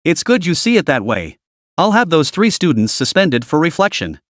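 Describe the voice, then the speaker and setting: A man's voice: fairly high pitch, big pitch swings, normal speed, dry recording, clean studio sound. A man voicing a stern, cold female university counselor in a story recap, clipped and disdainful.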